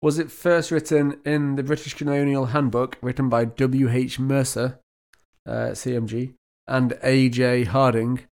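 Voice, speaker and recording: Podcast guy, gravelly voice, jokey storytelling, chatty. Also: medium pitch, steady tone, a little slow, a little mellow. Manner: joking, playful storytelling. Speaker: podcast co-host. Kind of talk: casual podcast chat.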